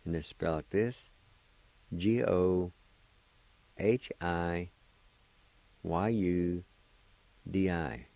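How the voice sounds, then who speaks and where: An older man with a Cherokee-speaking Oklahoma accent teaches a language lesson on radio. His voice sits very low and unhurried, and he spells and repeats each word with patient care. The sound is dry and close. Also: mellow, dry recording.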